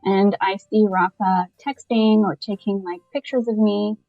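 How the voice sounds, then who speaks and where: A woman from Canada, a podcast guest, telling a personal story in a lively, casual way and laughing often as she goes. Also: mid-range voice, a little slow, no room sound, phone-quality sound, faint music behind.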